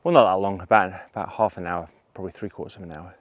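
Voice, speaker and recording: A middle-aged man, a landscape photographer, talking through his shots outdoors on a hillside, with excited, breathless bursts of wonder. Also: sits low, fast talker, dry recording. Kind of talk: outdoor vlog narration.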